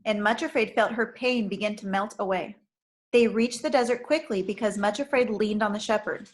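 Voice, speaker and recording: A woman, a teacher, reading a chapter book aloud in a clear, careful manner. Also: medium pitch, normal speed, low-quality recording.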